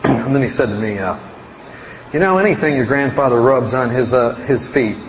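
A man preaching a storytelling sermon to a congregation, folksy and rambling, with self-mocking humor. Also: high-pitched. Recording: roomy hall, dull sound, faint noise.

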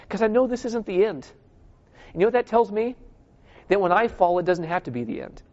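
A man's voice: high voice, lively intonation, fairly quick, long pauses, a little mellow. Impassioned preacher, man in an echoey hall. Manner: impassioned preaching, rhetorical questions to the congregation. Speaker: pastor. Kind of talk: sermon. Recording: echoey hall, dull lo-fi sound.

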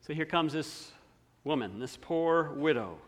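A man preaching a sermon, slow and emphatic, dropping to near-quiet on key words. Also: on the high side, lively intonation. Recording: long hall reverb.

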